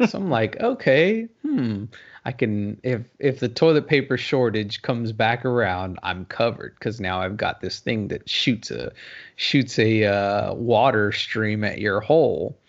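A man telling a story in casual chat, laughing often and shouting out his own quoted reactions. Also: on the low side, measured pace, muffled recording. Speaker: podcast co-host.

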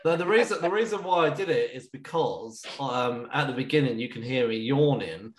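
A man's voice: medium pitch, expressive, moderate pace. Chatty man with "like" fillers in a roomy space. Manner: chatty, full of "like" fillers, laughs often. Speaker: podcast co-host. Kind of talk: casual chat.

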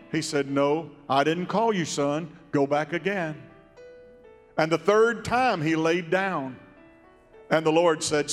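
A man preaching from the pulpit of a church, his voice a little high and unhurried. He delivers his sermon in a slow, drawn-out cadence that now and then lifts into song. The sanctuary carries a long reverb, with soft instrumental music underneath. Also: steady tone. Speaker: pastor.

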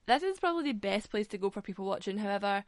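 A young Scottish woman telling a funny story in a casual, animated way, swearing freely and laughing often. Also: mid-range voice, very fast, dry recording, clean studio sound.

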